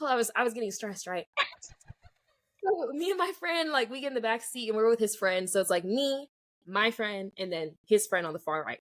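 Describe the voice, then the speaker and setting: A podcast co-host in her young adult years tells a story in relaxed conversation, her fairly high voice moving at normal speed. She's animated, dramatizing the dialogue and using "like" constantly as filler.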